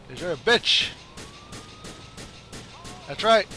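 A young man commentating his own gameplay, trash-talking and often breaking into yells. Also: sits high, slow pace, long pauses, soft background music. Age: young adult. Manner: excitable, trash-talking, swings to yelling.

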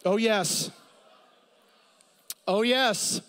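A middle-aged male pastor preaching a sermon with animated storytelling, swinging from loud, high comic bits to low, quiet serious points. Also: normal speed. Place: church sanctuary. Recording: long hall reverb.

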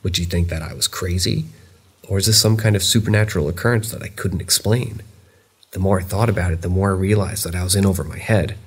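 Scripted horror reads sent in by viewers get a steady, measured treatment from this narrator. He's a man with a husky voice pitched low.

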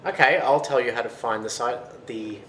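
Man putting on a loud blind old giant. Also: moderate pace, natural voice. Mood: helpful. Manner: loud exclamations, raised pitch. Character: blind hairy giant hermit, gruff and surprised. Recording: roomy with faint noise.

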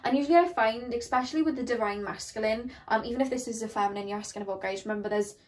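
A woman's voice: a little high, rapid-fire, darkish tone. A young woman giving a casual tarot reading, talking in a rambling, chatty way full of "like" and "um". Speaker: tarot reader.

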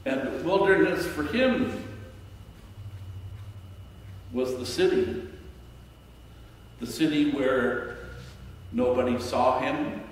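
A man minister giving a sermon in a church, speaking in a slow, reflective way with pauses. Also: medium pitch. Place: church sanctuary. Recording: echoey church hall from far off.

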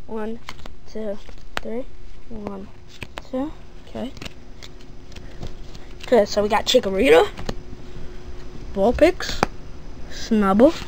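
A woman casually narrating a card-opening video, gushing and excitable, reading off each find as she goes. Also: on the high side, creaky, slight background noise. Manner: gushing, excitable, breaks into squeals; lists items slowly, thinking aloud.

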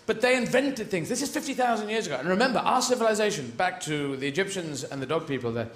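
A man's voice: high-pitched, expressive, fast talker, a bit bright. A man doing stand-up comedy, rambling in a profane, mock-indignant way. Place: live comedy venue. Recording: echoey venue with crowd noise.

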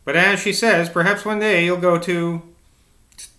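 A man voicing an earnest, awkward young man in a storybook reading, speaking gravely with small stumbles. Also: high voice, fairly even intonation, normal speed, sharp tone, roomy sound, voice pushed up.

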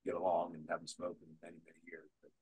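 An older man, an actor being interviewed, telling stories from his life and career in a lively way, acting out the voices of people he quotes. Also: low voice, very fast, breathy edge, rough recording. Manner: animated storyteller who acts out quotes. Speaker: guest actor. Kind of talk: conversational interview storytelling.

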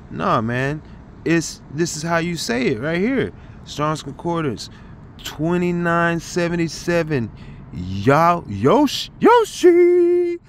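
A man giving an informal scripture study talk, thinking aloud with halting restarts and sudden bursts of excited realization. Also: a little high, a little hiss or hum. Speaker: Bible teacher.

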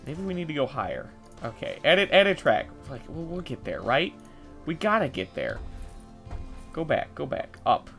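A young man giving casual gameplay commentary, thinking aloud, getting excitable and swearing as he works. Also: a little high, moderate pace, creaky, soft background music. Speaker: gameplay video host.

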